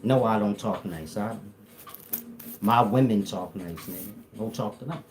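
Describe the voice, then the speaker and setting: A man's voice: fairly low pitch, unhurried, darkish tone, faint music behind. Blunt profane man in AAVE. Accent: African American Vernacular English. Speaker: spiritual teacher.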